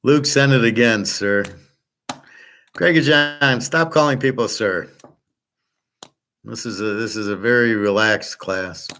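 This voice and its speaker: A man teaching a relaxed online class, blunt and profane, rambling with restarts and answering viewers' chat. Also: medium pitch, a little slow, long pauses, clear, resonant tone. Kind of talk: casual livestream lecture.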